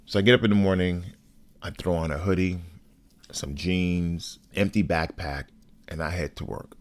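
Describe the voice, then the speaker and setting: A man and podcast host recounting a personal story in a measured, deliberate way, cursing bluntly at times. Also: low-pitched, fairly even intonation.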